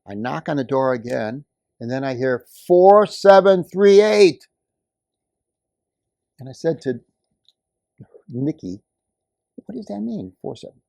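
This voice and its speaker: An older man speaking at a community meeting, telling a story and building to forceful, emphatic outbursts. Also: medium pitch, animated, normal speed, gravelly, pauses often, no room sound. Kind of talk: impassioned public comment.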